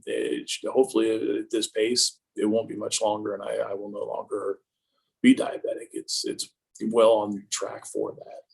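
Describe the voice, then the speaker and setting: Man, fifties, interview guest, gravelly, husky, joking and self-mocking. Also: fairly low pitch, rough recording. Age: 50s. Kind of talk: casual conversation.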